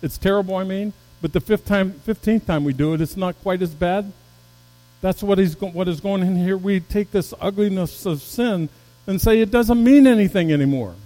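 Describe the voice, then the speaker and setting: A man preaches a sermon in his role as pastor, keeping a moderate pace as he shifts from loud, stressed peaks to low, quiet passages, with faltering restarts. Audio quality is poor.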